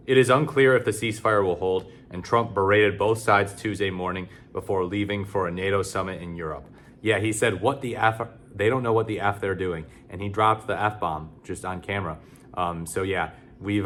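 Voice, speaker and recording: A man's voice: on the low side, a bit bright, slight background noise. A man giving casual, sarcastic political commentary, blunt and loose with many fillers.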